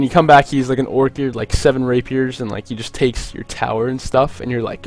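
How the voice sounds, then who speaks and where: A young man casting a video game match on his own, chatty and jokey, with many filler words and quick asides. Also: medium pitch, steady tone, soft background music. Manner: rambling, jokey, lots of "like" fillers. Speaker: esports caster. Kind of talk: solo play-by-play commentary.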